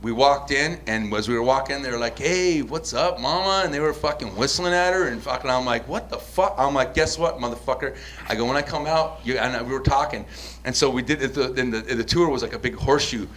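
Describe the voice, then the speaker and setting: A man's voice: medium pitch, fairly quick, a little hiss or hum. Profane American man telling a story. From United States. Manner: profane, animated storyteller with many restarts. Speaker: podcast host. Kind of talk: casual storytelling chat.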